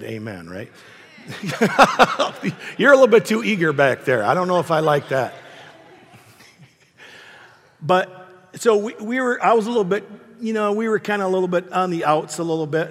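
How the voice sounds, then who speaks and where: Gravelly older man preaching in a hall. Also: a little high. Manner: conversational, self-deprecating storytelling. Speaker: pastor. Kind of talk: sermon. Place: church hall. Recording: long reverb of a hall.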